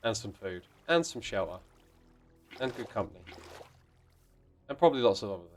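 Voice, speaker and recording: Soft background music accompanies a man streaming a block-building game, whose lowish voice swings widely in pitch and runs a little fast. In casual chat he reads viewer messages playfully and with mock indignation, throwing in sudden exclamations.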